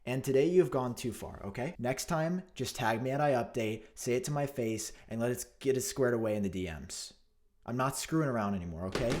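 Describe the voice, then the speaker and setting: A man talks straight to the camera in a mock-outraged commentary. He is sarcastic and theatrical, lurching from loud jabs to muttered asides. His pitch jumps all over the place, at a mid-range that suits an ordinary male voice. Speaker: tech vlogger.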